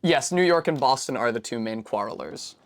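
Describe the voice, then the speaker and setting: A New England woman streams herself building a Lego set, chatting casually in a rumbling low voice with lively intonation and a fairly quick pace. She rambles loosely through long digressions, full of fillers and mid-sentence self-corrections.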